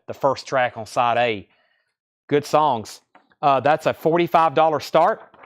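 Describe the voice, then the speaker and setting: A man hosting a live online record sale, reeling off album titles, condition grades and prices in a brisk seller's patter. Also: medium pitch. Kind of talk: live online sales stream.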